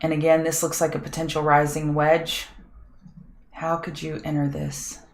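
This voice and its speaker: A woman's voice: low-pitched, monotone, moderate pace. A middle-aged woman hosting a live market prep show, chatting with viewers and thinking aloud over charts, her voice a bit scratchy. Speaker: trading show host.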